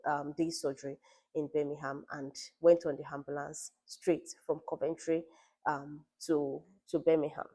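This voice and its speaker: A woman's voice: deep voice, warm tone. A woman in her thirties telling her family's story in a conversational vlog, retelling what others said, with frequent fillers. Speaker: parent vlogger. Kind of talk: personal storytelling.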